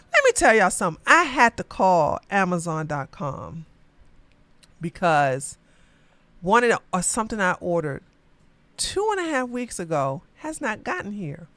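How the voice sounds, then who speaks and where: A woman ranting in a rambling, casual way, animated and profane, often repeating herself. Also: a little high, unhurried, no echo.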